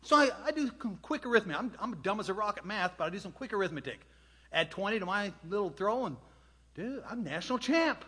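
A man's voice: high-pitched, animated, quick pace, pushed and bright, husky. A man in his sixties telling a self-deprecating story to a live audience, quizzing the crowd as he goes. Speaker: speaker. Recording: long hall reverb.

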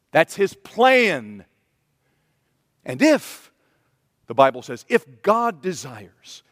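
Male pastor, high voice, emphatic sermon delivery, long hall reverb. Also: a bit bright, studio quality. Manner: earnest, emphatic, repeats key phrases.

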